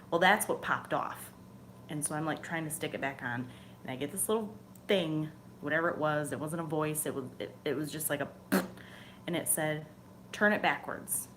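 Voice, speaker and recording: A woman's voice: deep voice, fairly bright tone, slight background noise. A young woman on her channel, telling a story in a casual, chatty way, swearing freely and sometimes dropping to a whisper. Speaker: channel host. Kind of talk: casual chat.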